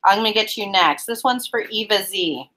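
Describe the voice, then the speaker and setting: A woman's voice: mid-range voice, moderate pace, sharp tone, rough recording. A woman hosting a casual live-streamed card reading from her apartment, chatty and giggly, calling out viewers by name. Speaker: tarot card reader and live-stream host.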